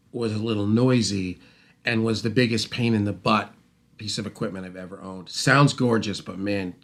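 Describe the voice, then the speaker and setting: Animated man telling a studio story. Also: on the low side. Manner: animated, rambling, with restarts and acted-out quotes. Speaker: host, mixing engineer. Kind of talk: casual storytelling monologue.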